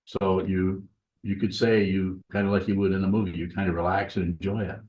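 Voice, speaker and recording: A man's voice: low voice, level tone, fairly quick, a little mellow, dull audio. A man teaching as a Zen teacher, giving a dharma talk and answering questions in a plain, repetitive, conversational way.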